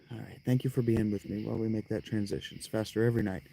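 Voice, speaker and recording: A man's voice: lowish voice, fairly even intonation, rapid-fire, creaky, dark tone. Rambling, cussing man streaming a game. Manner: profane, rambling, talks to himself. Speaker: let's play streamer. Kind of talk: casual gaming commentary. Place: tent. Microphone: clip-on mic.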